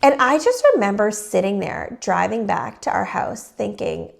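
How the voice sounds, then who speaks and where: A woman's voice: mid-range voice, normal speed, vocal fry. A woman telling a personal story in a candid podcast chat, acting out the quotes as she goes. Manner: animated storytelling, acts out quotes.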